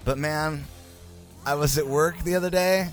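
A male podcast host with a raspy, sick voice from the flu, rambling through self-mocking stories in casual chat. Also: a little high, steady tone, moderate pace, soft background music.

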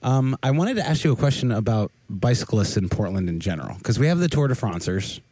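A man's voice: medium pitch, expressive, brisk, dark tone. A man co-hosting a podcast in casual chat, opinionated and ranting with lots of "like" and restarts. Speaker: podcast co-host.

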